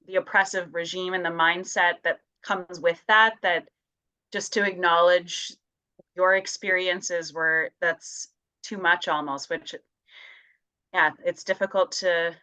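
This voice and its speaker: A woman moderating an online Q&A over a video call, soft-spoken and searching for her words. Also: lowish voice, little pitch movement, takes it slowly, clean tone. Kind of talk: hosting an online Q&A.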